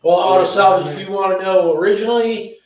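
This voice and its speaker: A man's voice: high voice, fast talker. A man hosting a live stream from his car restoration garage, joking and answering viewer questions in casual chat. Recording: roomy echo from a distance.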